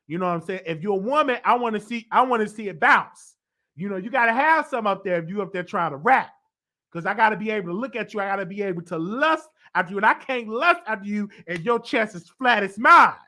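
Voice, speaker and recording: Talking fast, a man on a celebrity gossip show gives opinionated commentary in an animated style. His pitch swoops suddenly high to emphasize points, and his voice has a slight stuffy congestion.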